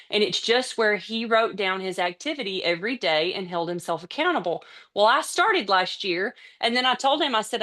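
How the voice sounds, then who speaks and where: An energetic woman leads her team through a motivational training talk. She speaks in a mid-range voice. She is chatty and excitable, so worked up that she runs a little out of breath. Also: mid-range voice. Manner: chatty, with casual slips and restarts. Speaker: team trainer on a business call.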